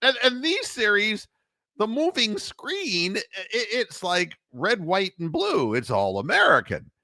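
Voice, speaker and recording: A man hosts a casual sports talk show, his pitch leaping around as he mocks what he saw. The sound is dry and close to the mic. He laughs as he talks and slips into jokey voices. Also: measured pace, dry recording. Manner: animated, mocking, laughs while talking; puts on announcer and referee voices. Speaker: sports talk radio host.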